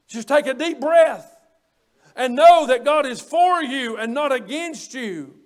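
Very high-voiced fervent preacher man. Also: expressive, slow pace. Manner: fervent, swells into hollering; repeats and restarts phrases for emphasis. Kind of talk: sermon.

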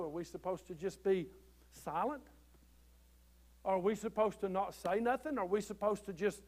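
A man preaching a sermon from the pulpit, folksy and conversational, growing loud when he quotes scripture. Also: high voice. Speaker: pastor. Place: church.

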